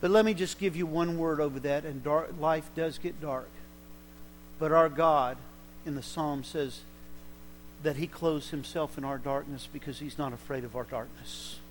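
A man's voice: a little high, fairly even intonation, normal speed, a little hiss or hum, poor audio. A male pastor preaching a sermon in a church service, fervent and exhorting.

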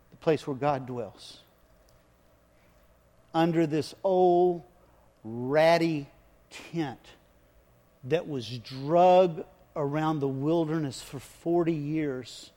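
A man preaching a sermon as pastor, animated, dropping to soft prayer and rising to loud acted-out stories. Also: on the high side. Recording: long hall reverb.

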